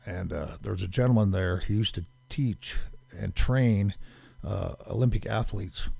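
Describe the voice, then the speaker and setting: Fifties American man, husky and gravelly, tells long emphatic stories that keep circling back. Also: deep voice, unhurried, warm tone, no room sound. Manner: rambling, repeats words, emphatic. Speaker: podcast guest. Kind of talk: casual storytelling.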